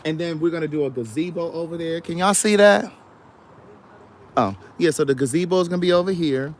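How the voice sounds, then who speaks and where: A man hosting a casual outdoor livestream, talking directly to his viewers in an animated, chatty way. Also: on the high side, brisk. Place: outdoors in a yard.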